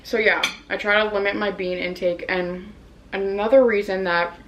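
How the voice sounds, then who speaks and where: A woman's voice: mid-range voice, steady tone, moderate pace, fairly bright tone, a little hiss or hum, poor audio. Young woman chatting while eating. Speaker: vlogger. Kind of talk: casual mukbang chat. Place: apartment room in New York.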